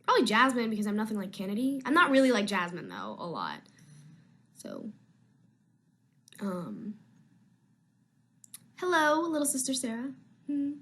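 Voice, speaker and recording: A woman's voice: fairly high pitch, wildly swooping pitch, moderate pace, pauses often, a bit bright, husky. A young woman actress chatting casually on a live video stream from home, answering fan questions in a rambling, easily sidetracked way.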